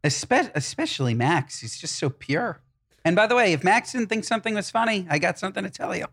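A co-host telling stories in a casual chat, lively and worked up at times. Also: a little fast, husky. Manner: lively storyteller, swings up in pitch when worked up. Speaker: podcast co-host.

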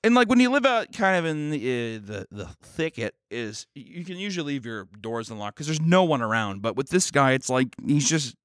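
Speaking at medium pitch and a moderate pace with few pauses, this man sounds smooth on a dry, clean studio recording. He's a podcast co-host, swearing casually and animatedly doing other people's voices as he tells a story.

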